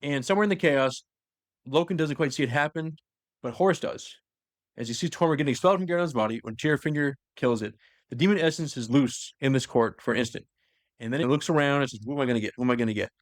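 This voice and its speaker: Fast-talking man recapping lore casually. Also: on the high side, dry recording, studio quality. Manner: rambling storyteller, heavy use of "like", many restarts. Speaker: podcast host.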